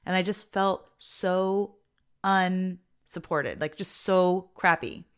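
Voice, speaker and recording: A woman's voice: on the low side, takes it slowly, clean tone. A middle-aged woman hosting her own podcast, talking casually and expressively about her life as a mother. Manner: chatty and expressive, with frequent "like" and an occasional laugh. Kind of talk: casual personal monologue.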